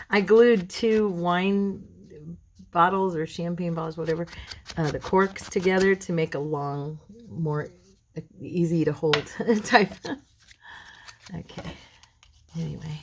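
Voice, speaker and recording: A middle-aged woman hosting a crafting video at home, chatting casually and rambling between tasks, clearing a frog in her throat. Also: fairly low pitch, slow pace, long pauses, noisy background. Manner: rambling, chatty, addresses viewers as girls. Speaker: craft channel host.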